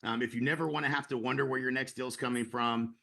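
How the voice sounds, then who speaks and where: A middle-aged man pitches his program in a quick, eager webinar delivery. His voice is bright and forward, and he stacks fillers and restarts as he pushes on. He sounds persuasive. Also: steady tone. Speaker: real estate broker pitching to agents. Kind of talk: sales webinar talk.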